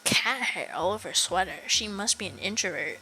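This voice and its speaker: A woman reading the lines of a calm, observant hotel clerk in a low, deliberate way. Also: a little hiss or hum, rough recording. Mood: musing.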